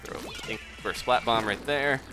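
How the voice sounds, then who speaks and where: A man's voice: mid-range voice, moderate pace. A young man giving chatty live commentary while streaming a game, reading out chat and laughing often. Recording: music playing behind the voice.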